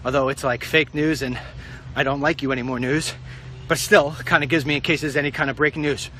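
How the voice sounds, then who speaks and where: A middle-aged man rambling in a casual vlog while out walking, a bit out of breath, with sudden excited outbursts. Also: a little fast, background noise. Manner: animated, jumps into high excited outbursts. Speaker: vlogger.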